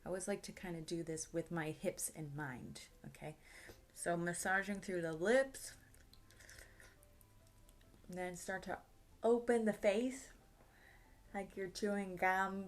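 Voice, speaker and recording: A woman acting coach guiding a vocal warm-up in a relaxed, encouraging way, with light laughs and sighs. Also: fairly low pitch, slow, pauses often.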